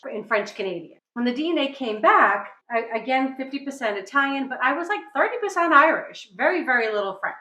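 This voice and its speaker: A woman's voice: medium pitch, bright, forceful tone, echoey room, low-quality recording. A middle-aged woman from New England hosting a casual cooking demonstration, chatty and upbeat, often checking in with "right?". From New England, USA. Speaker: cooking show host. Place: home kitchen.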